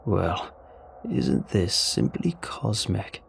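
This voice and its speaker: A man voicing a lonely stranded male alien, speaking low, slow and gravelly. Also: very animated, a little hiss or hum, exaggerated voice. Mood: wry. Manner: slow, drawn-out delivery.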